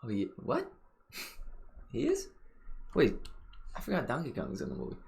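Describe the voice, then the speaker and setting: A man's voice: medium pitch, wildly swooping pitch, fairly quick, gravelly, pauses often, darkish tone. A young man streaming a rambling, profane reaction to a trailer in a casual way.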